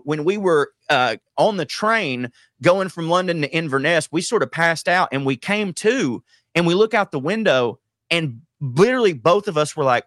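Animated comedian, bright voice. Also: male voice, a little high, dry recording, clean studio sound. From Southern United States. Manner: rambling, animated storytelling with many restarts. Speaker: comedian and author, guest. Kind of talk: radio interview.

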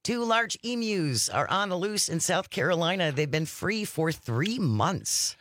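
A man's voice: high-pitched, sing-song, unhurried, fairly bright tone, dry recording. A man co-hosting a casual radio talk show from a studio, reading headlines with dry jokes.

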